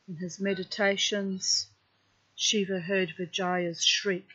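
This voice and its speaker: Slow, husky woman reading a myth. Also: fairly low pitch. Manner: calm, unhurried reading with chatty asides. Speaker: storyteller. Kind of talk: reading a myth aloud with casual asides. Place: outdoors. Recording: dull lo-fi recording.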